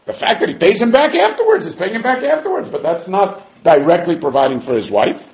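Male Talmud teacher, lively and high, debating both sides; roomy, muffled lo-fi recording. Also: a little fast. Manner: animated, argues both sides in quoted voices. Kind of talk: Talmud class lecture. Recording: echoey room, dull lo-fi sound.

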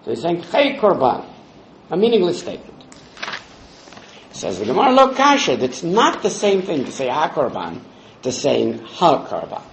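A man's voice: on the high side, huge pitch swings, normal speed, creaky, long pauses, roomy sound, slight background noise, low-quality recording. A man leading a Talmud study class, explaining the text step by step and quoting Hebrew and Aramaic phrases. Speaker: Talmud teacher.

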